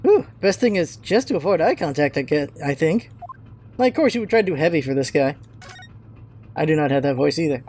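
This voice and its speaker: A woman's voice: low-pitched, lively intonation, a little fast, darkish tone, a little hiss or hum. A young woman hosting a video game playthrough, chatting casually with self-mocking asides. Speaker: let's-play host.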